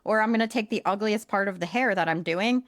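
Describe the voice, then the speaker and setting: Woman, casual podcast co-host, blunt and flat-voiced, mid pitch, dry close recording. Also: brisk, no echo. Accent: accent others comment on, likened to a nasal New York voice. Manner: self-described monotone, casual and blunt with mild swearing. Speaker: podcast co-host, social media marketer. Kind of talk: casual chat.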